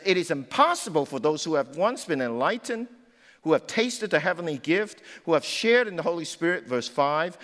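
Lively, emphatic male preacher in a reverberant hall. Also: a little high. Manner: emphatic, conversational, often says "you know". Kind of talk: sermon.

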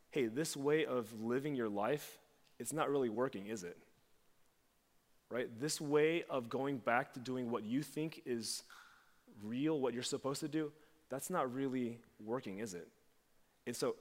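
Man preaching in a reverberant hall. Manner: conversational preaching, acts out quoted lines with big pitch jumps. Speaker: pastor. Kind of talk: sermon.

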